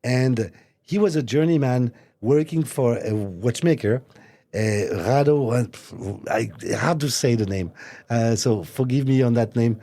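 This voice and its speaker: Guy guesting on a chat show, mellow husky tone, stops and restarts a lot. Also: medium pitch. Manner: hesitant, halting, repeats words. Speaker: watch brand executive, guest. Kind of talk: casual interview. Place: recording studio.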